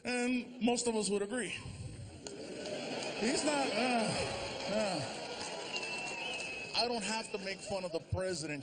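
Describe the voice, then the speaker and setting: A man doing stand-up comedy on a large theater stage, animated, switching quickly into character voices. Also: high-pitched, background noise. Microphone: stage microphone.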